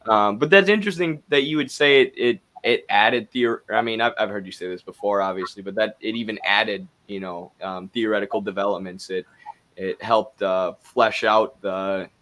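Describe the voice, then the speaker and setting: A man with a Wisconsin accent talks casually as a co-host. His voice sits a little low, and his speech is loose and chatty, full of fillers. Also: normal speed, sharp tone. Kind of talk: casual discussion.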